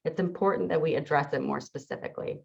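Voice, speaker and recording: Low-voiced woman giving a motivational talk. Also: fast talker, gravelly. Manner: earnest, reflective, speaks to an audience. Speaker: teacher and coach. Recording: dull lo-fi sound.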